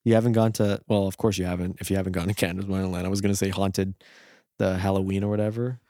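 A man's voice: deep voice, level tone, quick pace, warm tone, no echo, clean studio sound. A man co-hosting a podcast, chatting casually in a playful, joking way with some swearing. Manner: playful, swearing, goofy voices and laughs. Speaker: podcast co-host.

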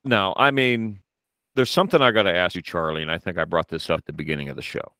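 A man's voice: low-pitched, quick pace, pushed and bright, clean tone, no echo, clean studio sound. A man co-hosting a casual podcast, telling stories and asking questions. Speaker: podcast co-host.

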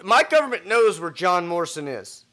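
A man's voice: high voice, very animated, a little fast, pushed and bright. Blunt, swearing male podcast co-host. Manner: blunt, swears freely, repeats words when starting. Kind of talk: casual podcast chat.

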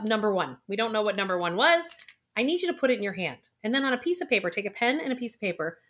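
Bright, direct woman coaching. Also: medium pitch, big pitch swings, quick pace. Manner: earnest, direct, guiding exercises. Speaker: financial coach. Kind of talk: coaching talk.

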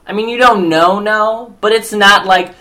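A man's voice: high-pitched, steady tone, a little slow, sharp tone. A young man from the Midwest co-hosting a podcast, chatting casually and playfully about an old movie, often quoting characters in silly voices. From American Midwest. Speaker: podcast co-host. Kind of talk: casual film-review chat.

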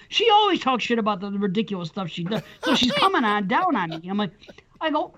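A man's voice: sits high, quick pace, a little hiss or hum. A middle-aged man telling a long, profane story in casual podcast chat. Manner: rambling, profane, animated storyteller. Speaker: podcast co-host. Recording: dull lo-fi sound.

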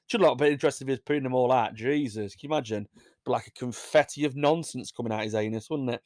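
Young English guy, casual host, rambling and jokey, mid-pitched, dry close mic. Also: fast, a little mellow, no room sound. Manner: rambling, jokey, laughs at his own asides. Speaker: podcast host reading news stories. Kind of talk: casual chat.

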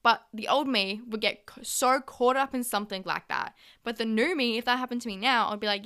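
With a fairly high, fairly bright voice that's clear and resonant, a young Australian woman in her twenties talks briskly, hardly pausing. She hosts her podcast alone in a chatty, candid, sweary way, acting out her own responses.

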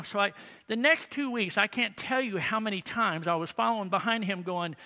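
Folksy middle-aged preacher, high and bright. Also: male voice, normal speed. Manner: folksy, rambling, frequent asides and tag questions. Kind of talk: sermon storytelling.

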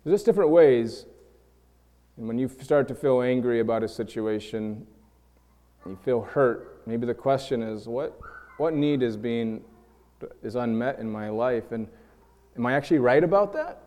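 A man's voice: medium pitch, normal speed, long pauses, mellow. Earnest man preaching in a hall. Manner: earnest, building to emotional peaks. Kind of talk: sermon. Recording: long hall reverb.

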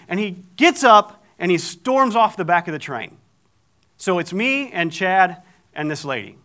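A man's voice: high voice, sing-song, a little slow, bright, forceful tone. A middle-aged man preaching, telling a story with animation and acting out the people in it. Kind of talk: storytelling sermon.

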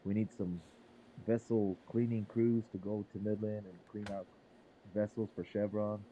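A man's voice: on the low side, level tone, moderate pace, dull audio. A man, telling stories bluntly and casually, with plenty of cussing. A faint hiss sits under the recording. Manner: blunt, profane storytelling. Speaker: podcast co-host. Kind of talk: casual group chat. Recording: faint background noise.

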